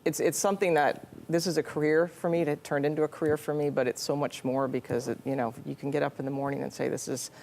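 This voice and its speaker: A woman's voice: deep voice, level tone, fast, hardly any pauses, darkish tone, a little hiss or hum. A middle-aged woman, a nonprofit leader, answering interview questions earnestly with frequent restarts. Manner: earnest, many restarts and fillers. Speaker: nonprofit CEO, guest.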